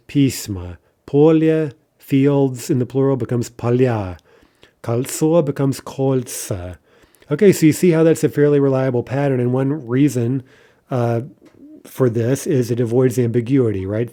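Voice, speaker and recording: A man giving a video language lesson in a mellow, warm voice. He explains patiently, with frequent fillers and a habitual "right?" to keep students with him. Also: medium pitch. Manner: patient, repeats "right?" often, many fillers. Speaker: language teacher.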